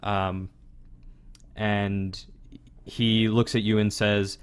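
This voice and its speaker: A man's voice: fairly low pitch, flat delivery, very slow, clear, resonant tone. A man narrating as game master of a tabletop game, hesitant and full of fillers. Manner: hesitant, lots of fillers, chuckling.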